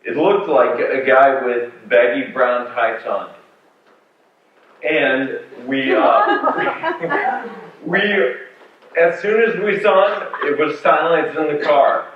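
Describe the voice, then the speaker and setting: A man shares a patient story in a slide talk, speaking slowly in a higher, very animated voice with frequent pauses, many fillers and restarts. Slight background noise accompanies the far-off mic in an echoey hall, which gives a phone-like sound.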